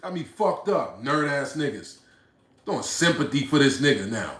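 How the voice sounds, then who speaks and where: A man's voice: big pitch swings, moderate pace, echoey room. Blunt, profane man ranting on livestream. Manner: swings between low mutters and loud outbursts. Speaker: livestream host reading chat. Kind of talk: casual livestream rant.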